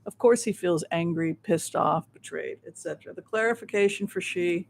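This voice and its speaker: A man's voice: high-pitched, moderate pace, creaky. A man hosting a livestream of psychic readings and tarot commentary. He rambles with many restarts and makes his points with emphasis. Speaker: psychic show host.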